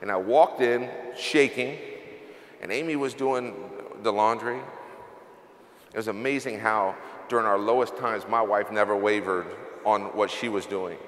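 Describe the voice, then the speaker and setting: On stage in a big event hall, a middle-aged CEO delivers a motivational talk that turns confessional, earnest and emotional as he tells his story. He speaks at a measured pace in a fairly low, slightly bright voice, with long reverb filling the echoey room.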